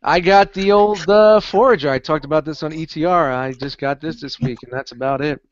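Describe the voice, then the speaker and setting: A man's voice: fairly high pitch, brisk, slight background noise. A man hosting a casual group chat over an online call, swearing freely and laughing easily. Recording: lo-fi call audio.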